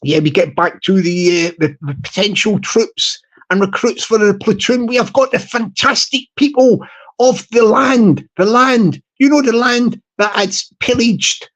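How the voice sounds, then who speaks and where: A man's voice: high voice, measured pace, a bit bright. A man hosting a vlog, talking in a rambling, jokey comic monologue with lots of repetition. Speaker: channel host.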